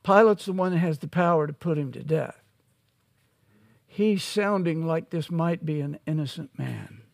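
High-pitched pastor guy preaching real slow, dry close sound. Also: creaky, no room sound. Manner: slow, emphatic preaching with sudden loud peaks. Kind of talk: expository sermon.

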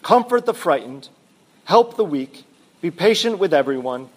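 A serene, steady woman prisoner who holds to her faith, as a man reads her lines aloud from a book in his own slightly high voice. She speaks with quiet certainty and earnest warmth. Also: normal speed. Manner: earnest reading of a quoted woman.

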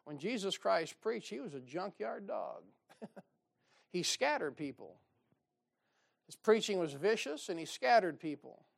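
A man's voice: high-pitched, big pitch swings, a little slow, gravelly, long pauses. Pastor, man, joking sarcastic pulpit delivery. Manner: joking, sarcastic preaching with frequent laughs. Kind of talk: sermon.

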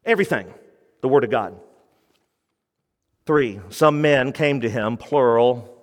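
A man preaching a radio sermon, emphatic, dropping low for key points and rising when he quotes. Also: a little slow, in a large hall. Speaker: pastor.

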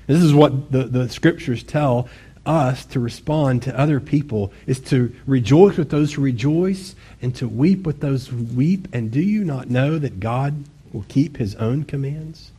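Man, pastor, sermon, husky voice, conversational, self-deprecating, bursts of intensity. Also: mid-range voice, a little slow, mellow.

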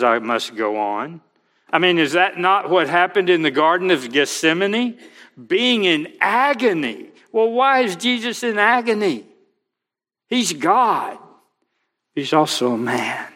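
A male pastor preaching a sermon, slow and emphatic, quoting scripture aloud. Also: fairly high pitch, expressive, pushed and bright, big-room sound.

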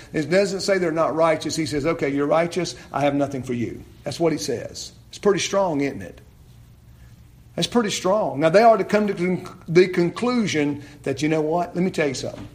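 A man preaching a sermon, building to near-shouts and then dropping low and quiet. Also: a little slow. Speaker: pastor.

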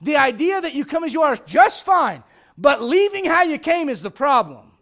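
Pastor, male, very high voice, lively sermon that swings from soft asides to shouting. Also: moderate pace. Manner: animated preaching, swings from quiet asides to shouted emphasis; conversational, laughs with the congregation.

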